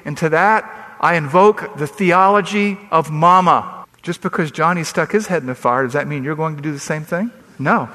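A man's voice: a little high, moderate pace, sharp tone. A man preaching a sermon as pastor, emphatic and building up as he reads scripture aloud. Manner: emphatic, rising into scripture readings. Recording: long reverb of a large hall.

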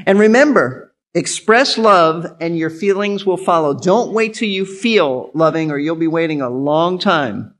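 A man's voice: fairly high pitch, expressive, unhurried, hardly any pauses, fairly bright tone. A male pastor giving an earnest sermon, teaching in an instructive way and repeating his key points.

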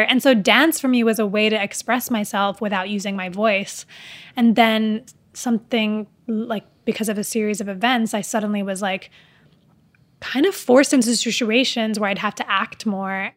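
A young adult actress with an unusual voice, chatting casually in an interview, rambling with lots of "like" fillers and restarts. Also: female voice, a little high, fairly even intonation, measured pace, a bit bright. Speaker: actress guest.

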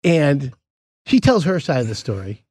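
A man's voice: on the high side, big pitch swings, moderate pace, darkish tone, husky, dry recording, studio quality. A man co-hosting a podcast, telling a story in casual chat and acting out the other people's voices as he goes.

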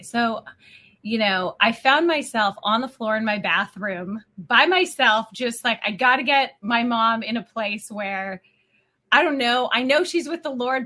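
Bright, chatty middle-aged woman co-host, emotional faith talk. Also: mid-range voice.

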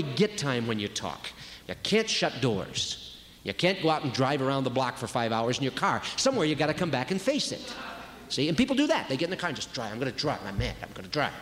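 Man preaching about marriage, pitch jumping all over, big hall with a long echo. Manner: lively, conversational, acts out quoted voices. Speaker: speaker at a marriage retreat. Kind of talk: sermon. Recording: long reverb of a large hall.

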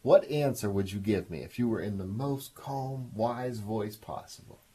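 A man's voice: on the low side, normal speed, mellow, husky. A man hosting a call-in advice show, coaching a caller with enthusiastic encouragement. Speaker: radio show host.

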